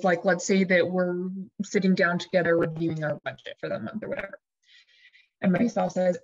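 Lively woman life coach, slightly muffled. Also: medium pitch. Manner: lively, shifts into dramatic inner voices when acting out examples. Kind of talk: teaching talk to an audience.

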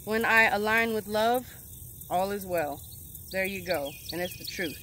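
A middle-aged well-being coach records a casual motivational vlog in nature where birds can be heard. Her medium-pitched voice is unhurried and sharp in tone, earnest, affirming and emphatic, and there's a little hiss or hum.

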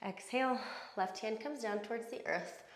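A woman yoga instructor calmly cueing breath and poses through a guided class. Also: a little high, moderate pace, echoey room.

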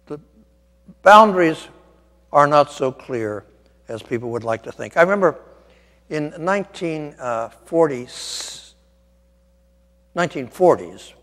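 A man's voice: on the high side, animated, slow pace, pauses often, a bit bright, long reverb tail. An older man, a Catholic priest, giving an informal guest lecture in a church, rambling a little with wry asides and many ums. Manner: discursive, wry asides, frequent ums and restarts.

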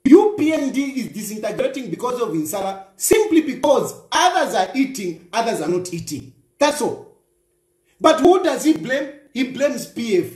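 A man reacts to a news clip in mocking commentary. His voice sits high and leaps around as he hammers the same rhetorical questions. The room around him rings with echo. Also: very animated, normal speed, darkish tone. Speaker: political commentator.

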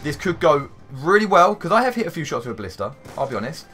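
A man commentating his own gameplay for a video, excitable and rambling, swearing now and then and breaking into sudden shouts. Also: fairly high pitch, fast, soft background music. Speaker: gaming YouTuber.

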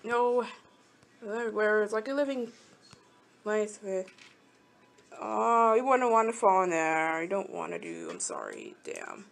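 A young woman with a medium-pitched, very animated voice speaks a little slowly, with vocal fry and long pauses. She hosts a mobile game channel, rambling through casual commentary as she plays, speaking to characters and getting frustrated quickly.

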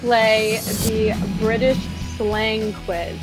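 An actress in a playful group chat, guessing at words with unsure, giggly answers. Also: female voice, a little high, level tone, very slow, over music, poor audio. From United States. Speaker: actress, quiz contestant.

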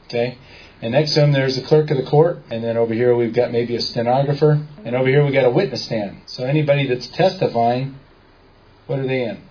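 Fairly quick and darkish in tone, a mid-range male voice carries a casual seminar lecture for a small audience. The speaker tells stories, quotes people in dialogue, and quizzes his listeners, recorded in dull lo-fi audio with faint background noise.

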